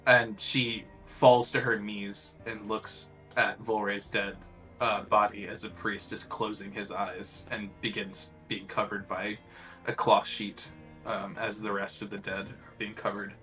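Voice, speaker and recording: A man's voice: fairly low pitch, level tone, unhurried, bright, forceful tone, faint music behind. Hesitant man narrating a tabletop game. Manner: hesitant, many fillers. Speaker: game master.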